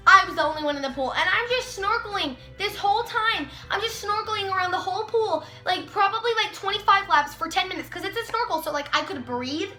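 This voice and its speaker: High, bright teen girl vlogger. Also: animated, a little fast, few pauses. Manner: chatty, heavy use of "like", acts out quotes. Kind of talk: casual storytime vlog. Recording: echoey room, faint music.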